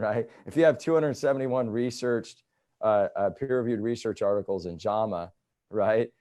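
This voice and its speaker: A man in his thirties, a chiropractor, telling patient stories in a casual interview, often tagging "right?" onto his points. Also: on the low side. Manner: animated storytelling, repeats "right?" often.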